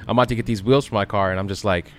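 A man hosting a podcast, chatting in a relaxed, chummy way and swearing freely. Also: on the low side, rapid-fire, a little hiss or hum. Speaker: podcast host. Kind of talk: casual chat.

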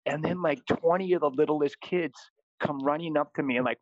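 A middle-aged man, a priest, telling lively stories in a casual chat, often laughing at his own tales. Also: on the high side, normal speed, no room sound. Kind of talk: casual storytelling. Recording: slightly dull, dry audio.

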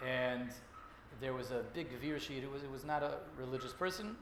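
A man's voice: medium pitch, moderate pace, a bit bright, reverberant, slight background noise. A man giving a Torah class, telling stories in a loose, conversational way with many restarts and repeated words. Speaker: Torah teacher.

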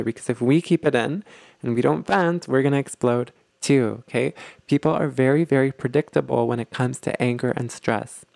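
A man's voice: medium pitch, vocal fry, no room sound. A man hosting a relationship advice show, talking his listeners through advice in a conversational way, repeating himself and often checking in with "okay?".

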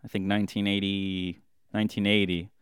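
A man's voice: on the low side, little pitch movement, fairly quick, clean tone, no room sound, clean studio sound. A man telling a long, rambling comic anecdote, often restarting and correcting himself. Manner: rambling, self-correcting storyteller.

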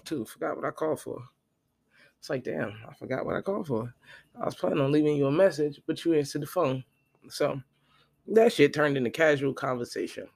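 A podcast host telling a profane, animated story in a casual monologue, quoting the people in it. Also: male voice, fairly high pitch, gravelly. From Florida.

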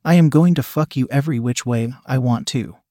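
A man's voice: mid-range voice, brisk, warm tone, dry recording, clean studio sound, natural voice. Man playing a cold, mocking male intruder. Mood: menacing. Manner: mocking, commanding. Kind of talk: adult audio story reading.

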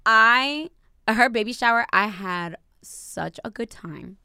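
Animated young woman co-hosting a livestream. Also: medium pitch, moderate pace, clear, resonant tone, dry recording. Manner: animated, laughing, slangy storyteller. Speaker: podcast co-host. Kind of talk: casual livestream chat. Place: home studio. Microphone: studio mic.

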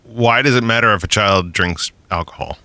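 Male podcast host, profane ranter, laughs a lot; bright tone, dry close sound. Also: lowish voice, moderate pace, no room sound. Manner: profane, ranting, laughs often. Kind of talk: casual podcast chat.

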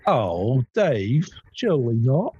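A man's voice: medium pitch, very animated, takes it slowly, dark tone, slightly rough, no echo. A Scottish man who works as a journalist co-hosting a crude, casual chat, giggling often and adding wry asides. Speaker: podcast co-host, journalist. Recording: muffled lo-fi audio.

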